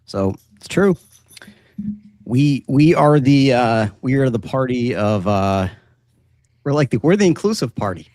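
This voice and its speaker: A man hosting a livestream show in relaxed, chatty talk with lots of fillers. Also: mid-range voice, measured pace, long pauses, no room sound, studio quality. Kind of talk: casual chat.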